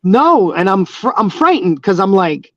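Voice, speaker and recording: A man's voice: high-pitched, sing-song, unhurried, no echo, highs cut off. A man, a professional wrestler, telling stories in a casual interview, rambling with many fillers and restarts.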